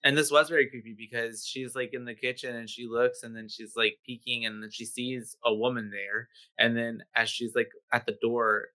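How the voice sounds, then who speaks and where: Bright, sharp-voiced man chatting casually. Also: mid-range voice, little pitch movement, moderate pace, few pauses. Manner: loose, swearing, constant "like" fillers. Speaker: podcast co-host. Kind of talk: casual chat recapping a horror film.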